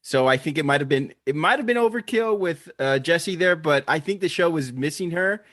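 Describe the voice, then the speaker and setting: A man hosting a podcast in casual chat, measured and steering the discussion. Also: a little high, animated, a bit bright, dry recording, clean studio sound.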